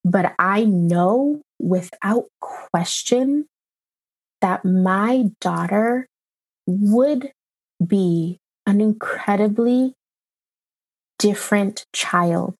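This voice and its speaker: A woman in her thirties speaks slowly in a mid-pitched voice with a gravelly fry. She recounts a personal experience as a mother in an interview, emotional and halting, with frequent pauses and fillers. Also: darkish tone. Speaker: mother telling her story.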